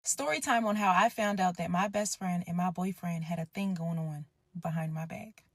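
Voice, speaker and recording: A woman's voice: lowish voice, moderate pace, slight background noise. A woman telling a personal story in a direct, casual, no-nonsense way. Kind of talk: story time narration.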